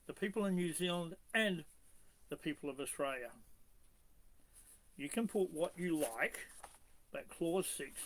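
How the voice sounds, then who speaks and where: A commentator rebutting a constitutional expert reads legal clauses aloud in a measured, halting way, then argues against them combatively with pointed rhetorical questions. His voice sits on the high side and sounds animated, though the audio is poor.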